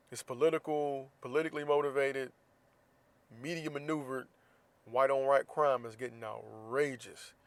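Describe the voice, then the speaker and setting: A man's voice: mid-range voice, a bit bright, dry recording. A man from Florida hosts a podcast, talking alone in a casual monologue. His delivery is blunt and heated, with plenty of profanity. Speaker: podcast host.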